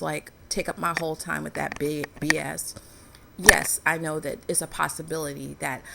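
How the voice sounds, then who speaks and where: Woman, vlogger, deep vocal fry, lowish voice, frank and earnest. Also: noisy background. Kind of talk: candid personal commentary.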